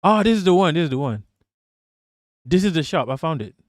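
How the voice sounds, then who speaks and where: A man from Malaysia hosting a livestream, telling stories in an animated, swearing, casual way. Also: fairly high pitch, brisk, dry recording, clean studio sound. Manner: animated, profane storytelling. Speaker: livestream host.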